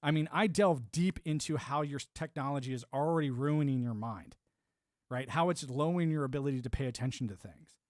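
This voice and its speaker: A man's voice: mid-range voice, fairly quick, no room sound, clean studio sound. A man in his forties ranting on a live stream, rambling and swearing, with lots of "you know". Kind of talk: ranting monologue.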